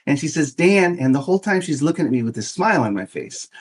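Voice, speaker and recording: A man's voice: mid-range voice, fast, breathy edge. A man in his fifties telling a long personal story as a podcast guest, acting out the voices of the people in it. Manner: animated, acts out quoted voices. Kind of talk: casual storytelling.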